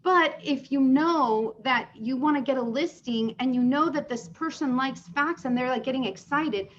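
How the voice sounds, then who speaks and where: Brief: female sales coach leading a class, slightly high, lively questions to attendees, muffled recording. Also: normal speed. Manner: chatty, explains with questions to the group. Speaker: sales trainer. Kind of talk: live training session. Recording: dull lo-fi sound.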